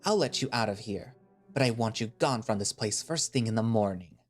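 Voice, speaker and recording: A man playing a cold, scornful male settlement leader who speaks slowly and condescendingly, with cutting remarks. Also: on the low side, faint music behind, lightly acted. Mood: contemptuous.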